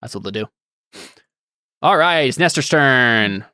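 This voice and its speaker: A man running a tabletop role-playing game as game master, talking casually with many fillers and quick laughs. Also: mid-range voice, lively intonation, bright, forceful tone, smooth, no room sound, studio quality. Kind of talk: narrating a tabletop game over a stream.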